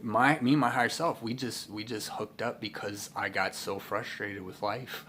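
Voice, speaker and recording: A man's voice: fairly low pitch, moderate pace, hardly any pauses, fairly bright tone, slight background noise. A man giving a casual spiritual talk, rambling with many fillers and restarts. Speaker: spiritual teacher.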